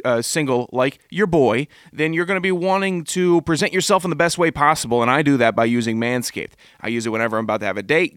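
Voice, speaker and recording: A man's voice: fairly high pitch, fairly bright tone, dry recording, clean studio sound. Jokey man reading a sponsor spot. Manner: jokey, self-deprecating. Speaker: show regular reading an ad. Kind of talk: casual ad read.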